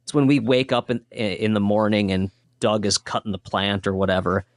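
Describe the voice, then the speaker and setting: A man's voice: fairly low pitch, normal speed, no room sound. Earnest rambling filmmaker, man, dry sound. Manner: earnest, rambling, with many restarts and fillers. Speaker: filmmaker discussing his horror film. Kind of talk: casual interview chat.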